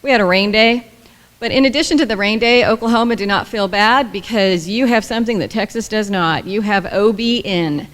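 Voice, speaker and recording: A woman gives a workshop talk in a blunt, lively way, throwing joking asides to her audience. Her voice sits at a middle pitch. The recording carries a long reverb from the hall. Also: brisk. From United States. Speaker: government agency presenter. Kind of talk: workshop presentation. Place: conference room.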